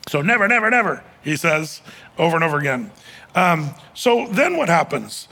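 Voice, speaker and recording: A man's voice: a little high, very animated, normal speed, creaky, a bit bright, husky. A man giving a casual Bible teaching as a pastor, chatty and emphatic, with frequent fillers and restarts.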